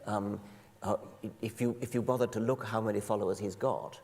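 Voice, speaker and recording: A man guest speaker giving measured explanations in an onstage conversation before an audience in a large auditorium. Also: on the low side, fairly even intonation, a little mellow. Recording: long reverb of a large hall.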